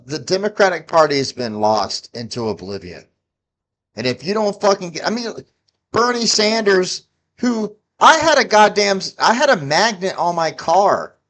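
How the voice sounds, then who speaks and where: A man's voice: on the high side, fairly bright tone. A man in his forties ranting about politics, heated and profane, scolding his listeners. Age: 40s. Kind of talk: angry political rant to camera.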